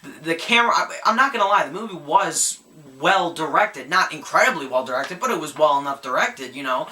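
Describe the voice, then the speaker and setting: A young man rants through a film review with a bright, forceful edge in his voice. He sounds exasperated and emphatic, often tripping over and repeating his words as he gets worked up. The recording is roomy, with echo from the space around him. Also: fairly high pitch, expressive, brisk, slight background noise. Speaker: movie reviewer.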